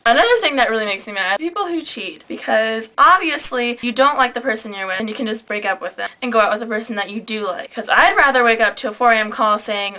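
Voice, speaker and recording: A woman's voice: a little high, animated, fast, few pauses, pushed and bright, poor audio. A teenage girl ranting to camera, blunt and sarcastic, with plenty of swearing. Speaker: vlogger. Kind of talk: casual rant to camera.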